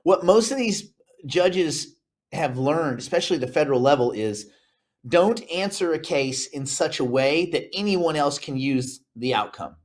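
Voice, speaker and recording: Higher-voiced man hosting a crypto show. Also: expressive, a little slow. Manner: joking, rambling, puts on mock voices. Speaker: host. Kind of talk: casual crypto show chat.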